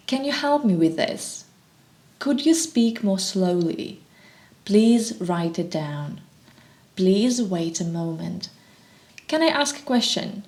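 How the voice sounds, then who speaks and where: A woman teaching an English lesson, reading short practice phrases in a slow, deliberate scripted way. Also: medium pitch, a little mellow. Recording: echoey room.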